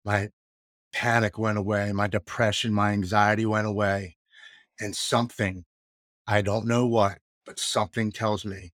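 Man in his 40s, low voice, dry close sound, earnest personal storyteller. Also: a bit bright, no room sound. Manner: earnest, emotional, matter-of-fact retelling. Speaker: guest telling his recovery story.

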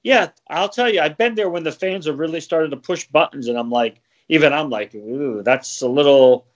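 A man's voice: on the high side, brisk, a bit bright. A man who works as a wrestling referee, chatting casually on a podcast, laughing often and rambling with plenty of fillers.

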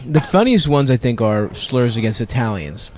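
A man in casual podcast chat, profane and quick to laugh and chime in. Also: medium pitch, lively intonation, crowd noise.

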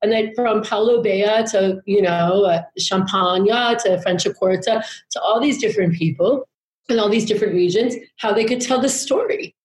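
A woman's voice: mid-range voice, moderate pace, reverberant, low-quality recording. Candid, rambling woman storyteller. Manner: candid, rambling, swears freely. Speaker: podcast guest. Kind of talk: casual storytelling chat.

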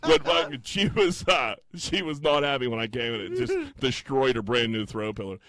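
A man chatting casually as a podcast co-host, telling crude, animated stories. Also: mid-range voice, moderate pace. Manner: crude, storytelling, acts out quotes loudly. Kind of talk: casual chat.

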